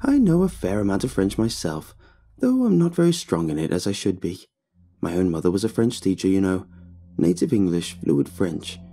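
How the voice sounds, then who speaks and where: A man's voice: low voice, big pitch swings, normal speed, mellow, exaggerated voice. A man voicing a refined, curious middle-aged society lady in an airy, genteel manner.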